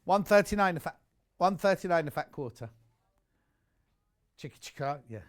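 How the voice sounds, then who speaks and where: Selling sewing supplies on live shopping TV, this British presenter talks at a moderate pace in a fairly high, expressive voice. He rambles in a chatty way and shares viewer messages aloud.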